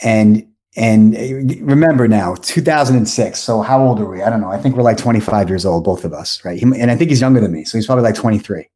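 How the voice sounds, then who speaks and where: A man's voice: on the low side, quick pace, few pauses, warm tone. A man in his forties from South Florida, a podcast guest telling a long story casually, rambling and correcting himself as he goes.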